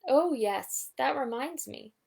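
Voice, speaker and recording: A woman's voice: high voice, expressive, slow pace, gravelly, darkish tone, husky, voice pushed up, exaggerated voice. Woman doing a cheerful, simple teddy bear. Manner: cheerful, easygoing greetings. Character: simple, good-natured male teddy bear.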